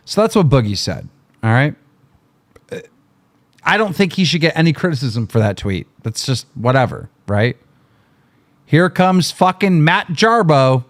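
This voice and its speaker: Guy ranting on his stream, swearing a lot, pitch jumping all over. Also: sing-song, a little slow, long pauses. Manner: angry, profane, mocking. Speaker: livestream host. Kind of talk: ranting livestream commentary.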